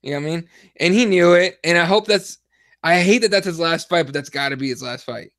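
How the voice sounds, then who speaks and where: Brief: young man, high pitched, animated and foul-mouthed podcast co-host, dry close sound. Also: fairly quick, no echo. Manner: profane, animated storytelling. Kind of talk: casual chat.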